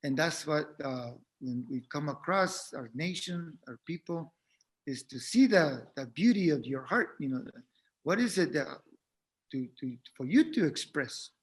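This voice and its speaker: A man giving a reflective spiritual talk as a teacher, speaking gently and haltingly, often repeating words as he goes. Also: on the high side, lively intonation.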